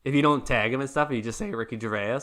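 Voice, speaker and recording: A man's voice: mid-range voice, quick pace, fairly bright tone. A man co-hosting a casual movie chat podcast, rambling through stories with lots of fillers and laughter. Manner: rambling, laughs often, trails off. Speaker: podcast co-host.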